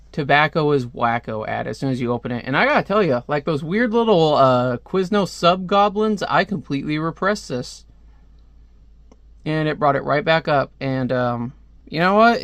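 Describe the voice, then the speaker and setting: A man's voice: on the high side, fairly bright tone, dry recording. A young man reviewing a comic book in a casual, rambling way, with lots of fillers and asides.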